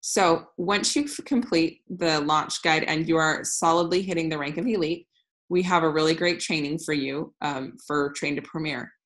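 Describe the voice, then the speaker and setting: Her pitch is low and steady, her pace moderate, and her tone fairly bright. She's a woman in her thirties running a laid-back, cheerful business training session via screen share, candid and prone to starting sentences over.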